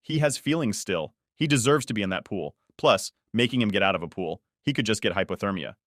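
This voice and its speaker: A man's voice: animated, brisk, fairly bright tone, no room sound, clean studio sound. A man putting on a condescending entitled mother. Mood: indignant. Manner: condescending, shrill when angry. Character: entitled pushy mother, middle-aged woman.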